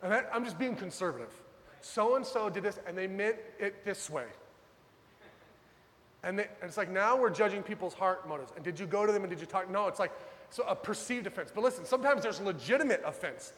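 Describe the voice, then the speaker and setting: A man preaching a sermon as pastor, dramatic, swinging from loud urgent pleas to hushed low lines. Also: animated, brisk, long reverb tail.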